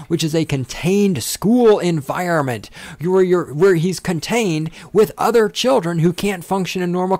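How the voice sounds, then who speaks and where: A man's voice: a little high, darkish tone, dry recording. A man hosting a solo podcast, ranting angrily and sarcastically with constant swearing. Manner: angry, profane, sarcastic ranting. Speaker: podcast host.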